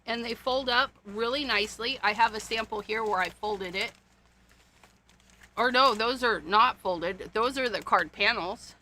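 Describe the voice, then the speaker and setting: A woman's voice: on the high side, measured pace, sharp tone, a little hiss or hum. A woman hosting a casual card-making livestream, chatting to viewers while she rummages through paper and supplies, with frequent gasps and little laughs.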